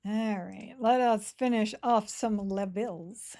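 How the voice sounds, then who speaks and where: A woman's voice: medium pitch, slow pace, hardly any pauses, warm tone. A woman chatting casually and giggling as she streams a game and reads chat. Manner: chatty, giggly, self-mocking. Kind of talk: casual live-stream chat while playing.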